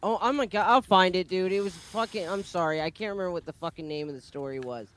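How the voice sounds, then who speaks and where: A man's voice: high-pitched, quick pace, a bit bright. A man co-hosting a podcast, flustered, swearing and apologizing while searching for something. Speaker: podcast co-host.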